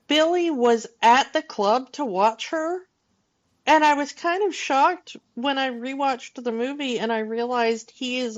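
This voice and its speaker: A woman co-hosting a film podcast, talking through her thoughts in an unhurried, casual way. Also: sits high, highs cut off. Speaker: podcast co-host.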